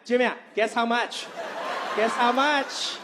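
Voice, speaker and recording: A woman's voice: fairly high pitch, steady tone, takes it slowly, background noise, pitched above the performer's own voice. A man putting on a pushy bargain-proud Asian mom. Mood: insistent. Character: thrifty bargain-proud Asian mother, middle-aged.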